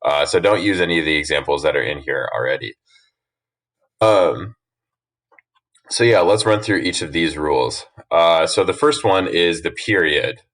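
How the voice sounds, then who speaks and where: A man teacher walking students through a worksheet in a relaxed, explanatory way with frequent fillers. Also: low-pitched, normal speed. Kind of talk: recorded classroom lesson.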